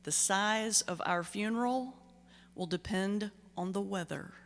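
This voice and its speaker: A woman's voice: medium pitch, measured pace, noisy background. A middle-aged woman minister giving a keynote speech, telling stories conversationally with comic timing. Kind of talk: humorous keynote storytelling. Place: large banquet hall. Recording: reverberant hall sound.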